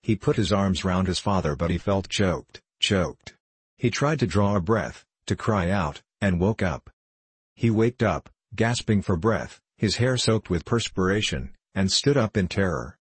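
Deep, husky male narrator. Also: expressive, a little slow, dry recording. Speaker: audiobook narrator. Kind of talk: scripted narration of a classic novel.

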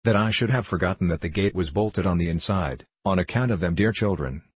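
A man voicing a sly, fawning woman who runs a parish baby farm, speaking with false humility and lower-class turns of speech. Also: a little fast, breathy edge, dry recording. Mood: wheedling. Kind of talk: audiobook character voice.

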